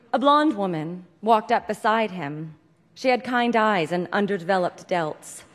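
Deadpan woman telling a comic story in a hall. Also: medium pitch, slow pace, pauses often, noisy background. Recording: long hall reverb.

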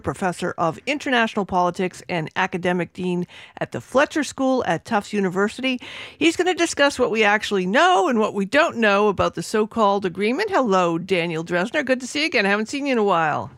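A woman's voice: mid-range voice, no room sound, clean studio sound. A woman hosting a radio talk show in a chatty, casual way, with fillers and restarts.

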